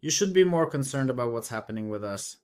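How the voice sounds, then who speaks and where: Talking quickly and with animation, this Ukrainian trucker chats away to his viewers as if they were friends, rambling from the cab while he drives. The pitch is medium and the tone somewhat dark.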